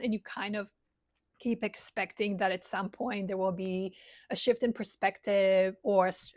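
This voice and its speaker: A woman's voice: medium pitch, dry recording. A woman enthusiastically recommending books in a casual, rambling vlog, gushing about what she loves. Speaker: book reviewer.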